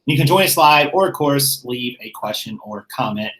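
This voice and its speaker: A man's voice: mid-range voice, normal speed, rough recording. Easygoing man hosting a channel. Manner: relaxed and self-mocking, with easy laughs. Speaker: YouTube channel host. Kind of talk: casual chat.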